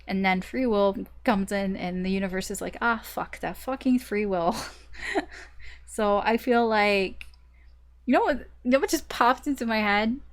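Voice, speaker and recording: A woman doing a casual tarot reading, chatty and animated, who laughs often and swears casually. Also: medium pitch, unhurried. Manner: animated storytelling. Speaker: tarot reader.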